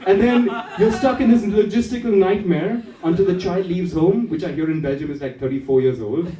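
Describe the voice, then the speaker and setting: A man's voice: sits high, brisk, crowd noise. A man from India performing a standup comedy set, playful and often laughing at his own jokes. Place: comedy night in a café. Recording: roomy club with a distant mic.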